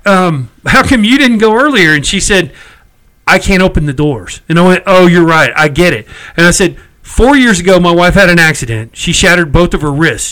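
A middle-aged man tells a story in a casual chat. His voice sits high and rings bright. He sounds exasperated and swears freely. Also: poor audio. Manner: chatty, exasperated, salty language.

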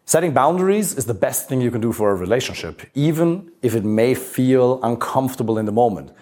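A man's voice: mid-range voice, a little fast. A man coaching a live group on relationships, talking bluntly, swearing freely and stressing his points with energy. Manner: blunt, swears freely, lively emphatic delivery.

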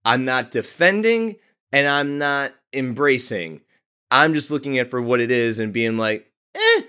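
A man co-hosting a casual chat, talking in a measured, hesitant, even-handed way. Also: mid-range voice, clear, resonant tone. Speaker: co-host.

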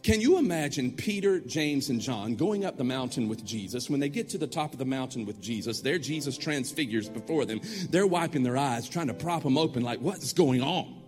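A man preaching a sermon as a pastor, animated and acting out the story. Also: mid-range voice, brisk, few pauses, big-room sound, faint music behind.

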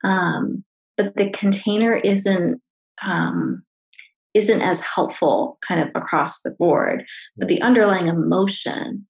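A woman therapist in casual conversation, chatty and animated, her voice carrying a gravelly fry at a mid pitch. She swears freely and talks candidly about feelings. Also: slow pace, low-quality recording.

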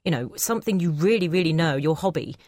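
A woman speaking as a guest on a podcast panel, thoughtful and a little halting. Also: deep voice, expressive, darkish tone, no echo, clean studio sound. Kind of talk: casual panel discussion.

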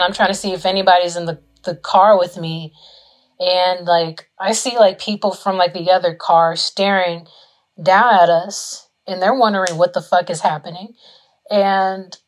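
A young woman telling a story in a casual vlog, swearing often and filling her speech with "like". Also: lowish voice. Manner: swearing, lots of "like" fillers, animated retelling.

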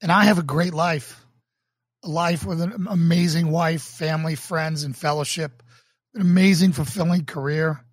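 A man from Boston, a pastor hosting his own livestream, talking earnestly and emotionally with halting restarts before moving into a sermon. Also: a little high, steady tone, no room sound, clean studio sound. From Boston, United States. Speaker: pastor and show host. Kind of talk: livestreamed casual talk leading into a sermon.

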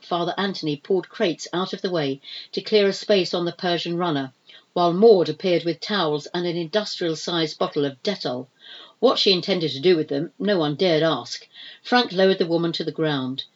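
A woman reading a novel aloud in expressive, measured scripted narration. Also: fairly low pitch, lo-fi sound. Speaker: audiobook narrator.

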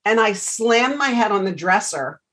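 A middle-aged woman hosting an interview podcast, telling animated stories in a chatty, casual way. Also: mid-range voice, normal speed, poor audio. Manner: chatty storyteller, animated anecdotes. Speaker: podcast host.

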